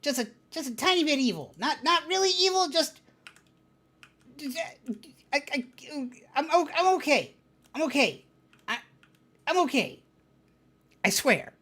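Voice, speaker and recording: A woman putting on a sweet, high-pitched character voice for her VTuber model, a girl who nervously insists she is only a little evil. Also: very animated, unhurried, long pauses, a bit bright, exaggerated voice. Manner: sugary, nervous stammering. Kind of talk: live-stream character voice.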